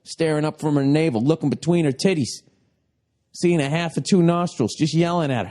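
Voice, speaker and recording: A man's voice: a little high, a little fast, dark tone. A man with a Boston accent in a profane, mocking comedic rant, swearing and doing voices. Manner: ranting, swearing, mocking imitations. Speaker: comedian, podcast host.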